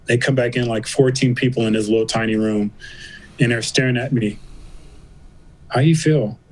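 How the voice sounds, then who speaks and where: A man as a podcast guest, telling a story in a loose, conversational way. He acts out each quoted line, and his voice sits at an average pitch. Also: little pitch movement, fairly quick, poor audio. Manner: vivid retelling, acting out quoted voices. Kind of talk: casual interview storytelling.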